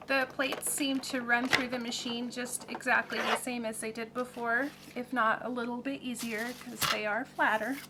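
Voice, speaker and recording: A woman's voice: on the high side, steady tone, normal speed, hardly any pauses, very noisy. A woman hosting a crafting video, demonstrating and explaining in a practical, plain-spoken way with some fillers. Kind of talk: casual demonstration tutorial.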